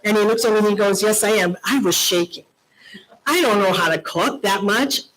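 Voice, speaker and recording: Older woman from Lebanon, keynote speaker at a conference; emphatic storyteller, medium pitch. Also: normal speed, a bit bright, low-quality recording. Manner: storytelling, emphatic, repeats key phrases. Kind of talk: motivational conference speech.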